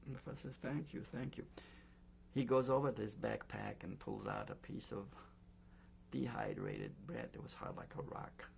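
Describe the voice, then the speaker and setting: An older man recounting his memories in an oral history interview, speaking in a halting way with many pauses and fillers. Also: fairly low pitch, animated, gravelly, a little hiss or hum. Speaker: Holocaust survivor giving testimony.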